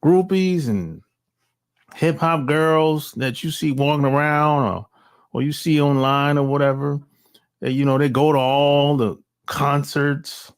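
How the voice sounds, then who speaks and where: A man's voice: on the high side, fairly even intonation, a little slow, clear, resonant tone. A middle-aged man hosting his own channel, talking bluntly in a rambling, slangy monologue with sighs, restarts and profanity. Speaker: channel host. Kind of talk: casual opinion monologue.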